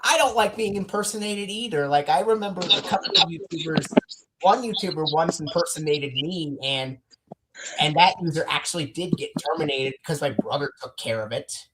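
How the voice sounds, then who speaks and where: A woman's voice: low-pitched, normal speed, heavy background noise. A woman chatting sympathetically as a guest on a casual stream.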